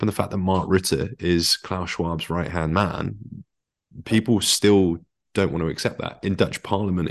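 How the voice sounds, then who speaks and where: A man hosting a podcast, asking measured questions that sum up what his guest has said. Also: deep voice. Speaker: podcast host. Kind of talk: interview questions.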